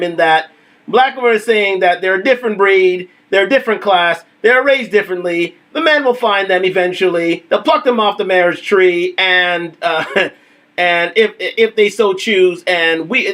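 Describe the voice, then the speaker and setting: A man hosting a casual live talk stream, animated and repetitive, laughing often. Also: sits high, a little slow.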